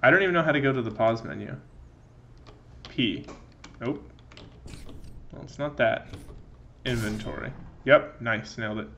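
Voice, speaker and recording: A man's voice: mid-range voice, moderate pace, gravelly, pauses often, sharp tone, lo-fi sound, a little hiss or hum. A young man giving rambling, sarcastic, profane commentary while playing a video game. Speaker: let's play gamer. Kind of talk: casual gameplay commentary.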